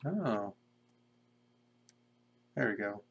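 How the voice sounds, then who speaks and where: Low gravelly man mumbling while he works. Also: drawn-out words, highs cut off. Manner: mumbling to himself, self-described monotone. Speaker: game developer streaming pixel art. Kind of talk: casual live-stream commentary while drawing. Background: keyboard typing and clicking.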